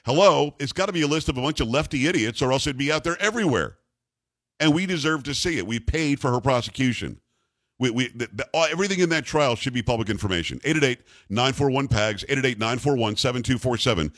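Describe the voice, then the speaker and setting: A man's voice: mid-range voice, expressive, quick pace, a bit bright, no room sound, clean studio sound. A man hosting a talk radio show, ranting indignantly and repeating the call-in number.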